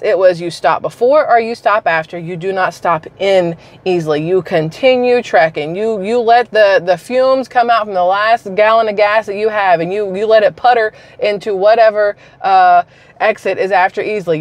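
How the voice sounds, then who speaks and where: A woman's voice: mid-range voice, moderate pace, dry recording. A woman from South Carolina, a YouTuber giving casual news commentary in a chatty, blunt and digressive way.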